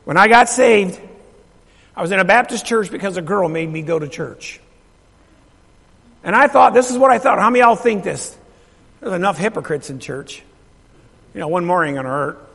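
A man preaches in a church, his voice very high and gravelly. He keeps asking the congregation questions and repeating lines for emphasis, and he swings from loud, emphatic bursts to a hushed near-whisper. A long reverb from the hall trails every phrase. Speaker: pastor. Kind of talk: sermon. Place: church sanctuary.

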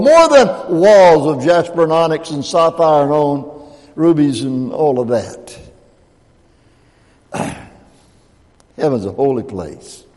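A man's voice: fairly high pitch, a little mellow. A man in his eighties preaching a sermon as pastor, folksy and joking with the congregation between points. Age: 80s. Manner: folksy, joking asides with laughter. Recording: long hall reverb.

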